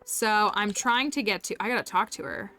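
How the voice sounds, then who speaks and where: A chatty woman streaming a game live, talking to viewers in a bright, crisp, fairly high voice. She giggles and rambles warmly with soft game music playing behind her. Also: normal speed. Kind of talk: casual live-stream chat while gaming.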